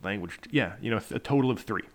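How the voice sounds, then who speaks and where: A man running a tabletop game, explaining rules quickly and joking with players. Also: fairly low pitch, lively intonation. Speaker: game master.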